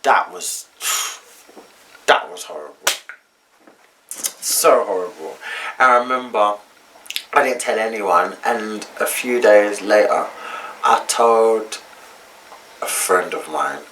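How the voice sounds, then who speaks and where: A man's voice: lowish voice, slow pace, long pauses, a bit bright, slight background noise. A young man telling a personal story to camera in a casual, slangy, candid way. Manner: chatty, slangy, candid retelling. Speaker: vlogger.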